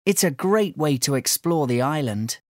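A woman's voice: low voice, expressive, moderate pace, a little mellow, dry recording, studio quality. A woman doing an eager young island girl. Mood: cheerful.

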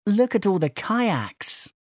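A woman voicing an eager young island girl, raised in pitch, lively and animated, in a slow storybook reading. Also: no room sound, clean studio sound. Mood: cheerful.

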